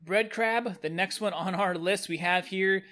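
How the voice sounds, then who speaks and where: A man's voice: sits high, a little slow, bright, forceful tone. A young man casually reviewing new game cosmetics, upbeat and rambling. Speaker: gaming video host.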